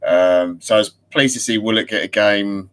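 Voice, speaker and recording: A man co-hosting a podcast, speaking in a calm, measured, relaxed way. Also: lowish voice. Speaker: podcast co-host. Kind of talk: casual podcast chat.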